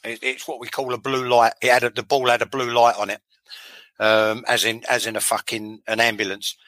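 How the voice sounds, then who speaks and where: A man's voice: medium pitch, flat delivery, a little fast, sharp tone, dry recording, low-quality recording. A man, a former footballer telling blunt, sweary stories in a casual interview, often repeating himself.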